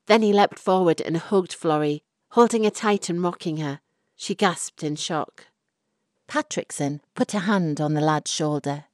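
A woman narrating a short story in a measured, unhurried way. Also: lowish voice, no room sound. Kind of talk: scripted narration. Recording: dry close recording.

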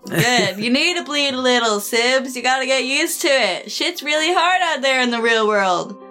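A woman's voice: sits high, animated, moderate pace, bright, forceful tone. A woman player in a tabletop game, reacting with laughing asides. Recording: faint music behind.

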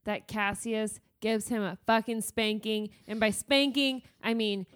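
A woman's voice: on the high side, steady tone, unhurried, clean tone. A woman from Kansas co-hosting a casual book podcast, profane, giggly and gushing. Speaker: podcast co-host.

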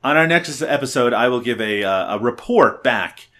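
A man's voice: mid-range voice, expressive, moderate pace, a bit bright. A man in his thirties hosting a comedic podcast, chatting in a jokey, self-mocking way. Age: 30s. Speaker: podcast host. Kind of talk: casual comedic podcast chat.

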